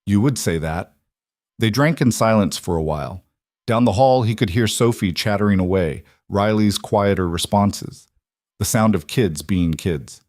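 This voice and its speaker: A man reads a story aloud in a slow, measured way. His voice sits on the low side, and the recording is dry and close. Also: darkish tone, no room sound. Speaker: narrator. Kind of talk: scripted narration.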